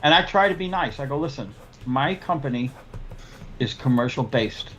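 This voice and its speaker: A man's voice: medium pitch, lively intonation, moderate pace, fairly bright tone. A man who cleans windows, chatting bluntly and matter-of-factly on a podcast. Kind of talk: casual chat.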